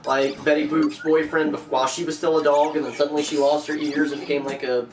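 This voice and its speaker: A man's voice: on the high side, flat delivery, a little fast, roomy sound. Joking male podcast host, noisy distant mic. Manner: joking, chatty, self-deprecating. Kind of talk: casual podcast chat. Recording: distant mic with background noise.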